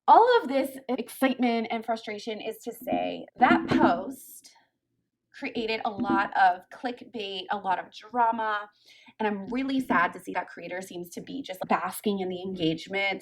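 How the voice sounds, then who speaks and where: A woman lactation consultant, giving emphatic, fired-up commentary in a folksy way. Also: medium pitch. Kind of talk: opinionated commentary to camera.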